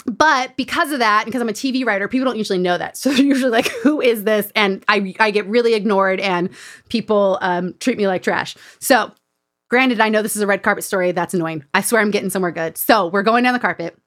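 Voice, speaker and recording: A woman's voice: mid-range voice, fast talker. A woman host telling a story in casual chat, acting out the people she quotes. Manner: animated, acts out quoted voices. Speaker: podcast host.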